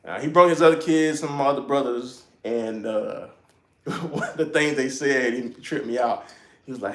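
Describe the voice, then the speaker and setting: Speaking with a South Carolina accent, this man runs a relaxed livestream from his home garage, chuckling and leaning on folksy slang. His medium-pitched voice is a bit bright, at a moderate pace, and the sound is reverberant.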